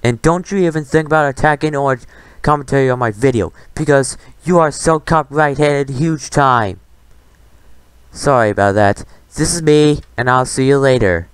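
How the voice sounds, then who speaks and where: Defiant ranting man, smooth clear voice. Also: mid-range voice, normal speed, no echo. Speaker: commentary host. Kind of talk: reaction commentary.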